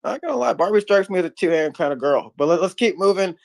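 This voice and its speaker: A man's voice: high-pitched, animated, gravelly. A man hosting a casual livestream chat, teasing his guests and passing the mic around. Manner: teasing, quick-talking. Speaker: host.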